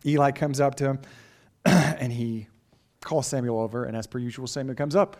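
A man's voice: mid-range voice, steady tone, moderate pace, a little mellow. A pastor delivering a sermon in an earnest, emphatic way, often asking his listeners rhetorical questions.

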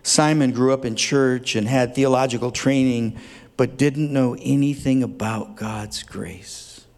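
A man's voice: medium pitch, fairly even intonation, unhurried, a little mellow. A man preaching a sermon as a pastor, speaking earnestly and tenderly, building at times to fervent emphasis. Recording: long hall reverb.

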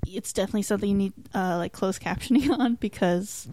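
A woman co-hosting a casual podcast, chatting about a TV show in a relaxed way with frequent ums. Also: mid-range voice, fast talker, slight background noise. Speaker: podcast co-host reviewing a TV show. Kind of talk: casual chat.

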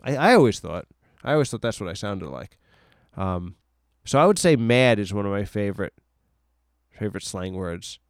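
Guy doing a solo podcast, rambly and self-deprecating, smooth voice, dry sound. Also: fairly low pitch, expressive, moderate pace, pauses often, no room sound. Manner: rambling, self-mocking, heavy use of filler words. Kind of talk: rambling casual monologue. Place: alone in a room.

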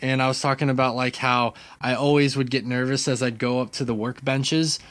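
A man co-hosting a casual gaming podcast from his apartment, telling stories with lively swearing and restarts. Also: mid-range voice, a little fast, no echo. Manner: animated storytelling, frequent swearing. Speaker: podcast co-host. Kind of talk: casual chat.

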